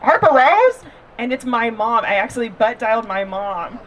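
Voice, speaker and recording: A woman's voice: on the high side, fairly even intonation, normal speed, fairly bright tone, lo-fi sound, slight background noise. A young woman performing a stand-up set, telling a bawdy story with lots of giggling and rambling asides. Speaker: stand-up comedian. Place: outdoor backyard comedy show. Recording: live crowd laughter. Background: live crowd laughing.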